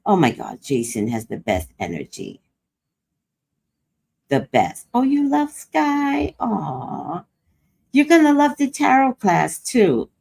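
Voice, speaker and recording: A woman's voice: mid-range voice, slow pace, vocal fry, slight background noise. An older woman hosting a livestream, telling a personal story in casual chat and acting out what others said. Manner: animated storytelling, quoting others. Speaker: host.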